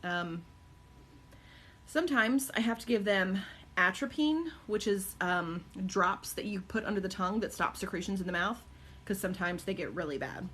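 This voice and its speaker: A woman's voice: animated, moderate pace, fairly bright tone. Woman, middle-aged, casual phone-mic home stream, rambling chatty delivery, faint background hiss. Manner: chatty, rambling, many ums and likes; high cooing baby talk to her dogs. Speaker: live-stream host and caregiver mom. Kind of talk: casual live-stream chat answering viewer questions. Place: her home, indoors.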